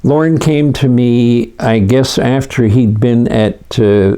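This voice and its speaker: A man in his eighties, reminiscing in a documentary interview, telling stories unhurriedly with frequent pauses. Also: fairly low pitch, creaky, mellow. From Canada.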